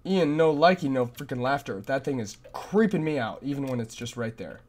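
A man's voice: medium pitch, animated, fairly quick, darkish tone, a little hiss or hum. A man commentating a horror game as he plays, frantic and self-mocking, often repeating himself in a panic. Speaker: gameplay commentator. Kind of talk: let's play commentary.

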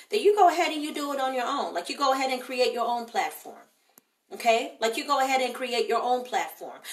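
A woman with a slightly high, fairly bright voice hosts a live online show, delivering emphatic, direct motivational talk and responding to viewer comments. The livestream audio sounds echoey and distant.

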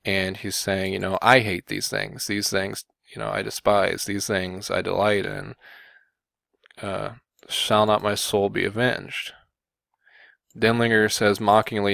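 A man giving combative Bible commentary, often pausing on "okay" and "you know" to press his point. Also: lowish voice, little pitch movement, creaky, a bit bright, dry recording. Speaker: religious video commentator.

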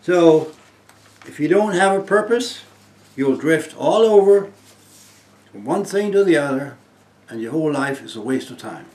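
A man in his eighties from Germany, giving an earnest inspirational testimony as a guest speaker and swinging between loud emphasis and soft hushed phrases. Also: a little high, lively intonation, a little slow, long pauses, reverberant.

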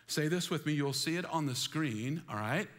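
A man preaching a sermon with high energy, calling on the congregation to join in and repeating phrases for emphasis. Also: normal speed. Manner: energetic, calls on the congregation to respond. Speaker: pastor. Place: church sanctuary.

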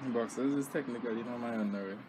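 Mid-pitched man hosting a home vlog. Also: quick pace. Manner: addresses viewers as people, dry joking. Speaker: vlog host. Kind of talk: casual home vlog chat. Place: at home, in bed. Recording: noisy home recording.

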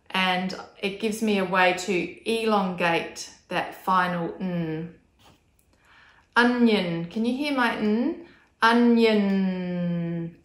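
A woman's voice: medium pitch, fairly bright tone. A woman speech pathologist explaining techniques in an instructional video, demonstrating sounds with careful, exaggerated enunciation. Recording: echoey room.

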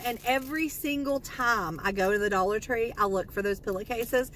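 A chatty, excitable woman talking casually in a shopping haul video. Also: on the high side, normal speed, few pauses, a little hiss or hum, poor audio. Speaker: vlogger.

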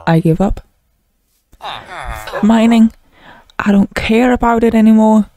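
A woman's voice: a little high, a little slow, mellow, soft background music. A woman gaming YouTuber giving dramatic, exclaiming commentary on her own Minecraft play, groaning and swearing when things go wrong. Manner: swears in frustration.

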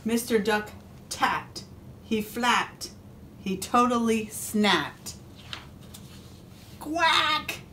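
A woman police officer reading a picture book aloud to a first grade class, expressive and adding asides to the children. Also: medium pitch, extremely slow, a little hiss or hum.

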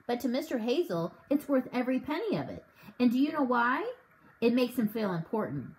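A woman reading the part of a father who dreams up a daring scheme and grows excited as he explains it. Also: a little high, fairly quick, low-quality recording. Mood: scornful. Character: warm scheming father with a broken leg.

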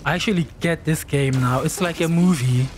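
A man playing a video game and reacting out loud, excitable and exclaiming at the screen. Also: a little high, normal speed. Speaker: gamer. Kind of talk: let's play reactions. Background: game sound and music.

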